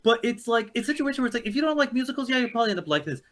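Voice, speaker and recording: A man's voice: very high-pitched, rapid-fire. A man co-hosting a casual movie review chat, telling a long story with lots of swearing and rambling asides. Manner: excited, profane, rambling storytelling. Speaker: podcast co-host.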